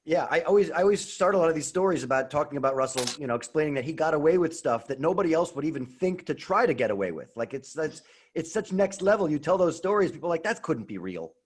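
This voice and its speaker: Man, animated, lively retelling, casual chat. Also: fairly high pitch, fast, few pauses, breathy edge.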